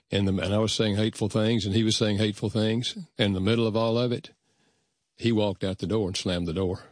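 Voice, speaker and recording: A man's voice: on the low side, dry recording, studio quality. Earnest older man telling a story. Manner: earnest, reflective, acts out past dialogue. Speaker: guest. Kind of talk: personal storytelling.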